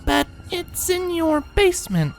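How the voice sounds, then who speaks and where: A man's voice: very high voice, big pitch swings, a little slow, soft background music, pitched above the performer's own voice, exaggerated voice. A man voicing a carefree young female pony who talks in an airy, unbothered way. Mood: breezy.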